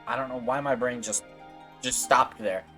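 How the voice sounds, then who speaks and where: A man's voice: mid-range voice, fairly even intonation, moderate pace, sharp tone, soft background music. A man streaming a video game, chatting casually in a playful, rambling, self-mocking way while sleepy and yawning. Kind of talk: casual gameplay chat.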